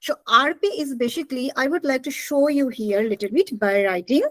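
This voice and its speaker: High-voiced woman teacher. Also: lively intonation, brisk, no room sound. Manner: questions students and mixes in Bengali. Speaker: English teacher. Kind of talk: online class lecture.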